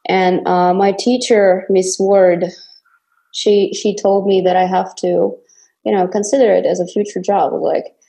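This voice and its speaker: Animated young woman from Kazakhstan. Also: mid-range voice, a little slow, creaky. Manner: animated storytelling with frequent restarts and laughter. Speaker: actress guest. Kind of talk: casual interview conversation.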